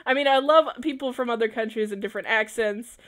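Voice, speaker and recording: Young woman, livestream builder, chatty, laughs a lot, slightly high voice. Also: fast talker, a bit bright. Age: young adult. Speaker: game builder streamer. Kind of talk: casual livestream building commentary.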